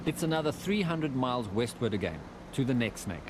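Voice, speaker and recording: A man giving scripted voice-over narration for a documentary in a measured, matter-of-fact way. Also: medium pitch, sing-song, heavy background noise.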